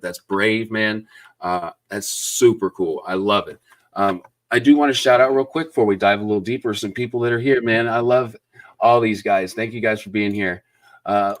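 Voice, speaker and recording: A man hosting a live book interview, effusive and enthusiastic, thanking viewers between questions. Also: fairly low pitch. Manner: enthusiastic, effusive, many fillers and shout-outs. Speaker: booktube interview host. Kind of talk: live-stream interview chat.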